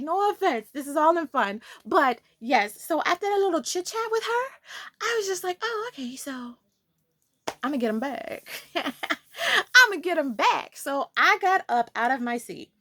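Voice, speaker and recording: A woman vlogger telling a school story in a dramatic, animated way, talking straight to her viewers. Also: on the high side.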